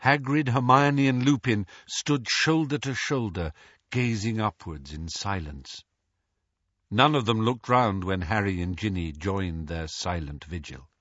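Slow, husky male audiobook narrator. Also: lowish voice, no room sound, dull audio. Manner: expressive storyteller.

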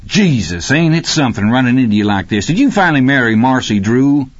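A man voicing a crude, rowdy, cackling middle-aged man with a high, yelping voice and backwoods slang. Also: big pitch swings, a little fast, no room sound. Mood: boisterous. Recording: dry, slightly muffled recording.

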